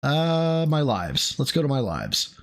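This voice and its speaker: A man streaming casual reaction commentary, crude and mocking, swinging up into high laughing squeals. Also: huge pitch swings, takes it slowly, creaky.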